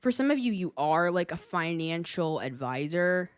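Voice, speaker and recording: A woman's voice: fairly low pitch, sing-song, moderate pace, clear, resonant tone, no room sound, studio quality. A woman giving a casual tarot reading, chatty and blunt, swearing freely and laughing often. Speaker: tarot reader.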